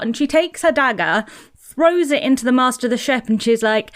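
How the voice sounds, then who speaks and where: A woman's voice: a little high, animated, normal speed. A woman guest on a film podcast, telling stories with enthusiasm and acting out quotes. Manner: enthusiastic storyteller, acts out quotes. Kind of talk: casual film podcast chat.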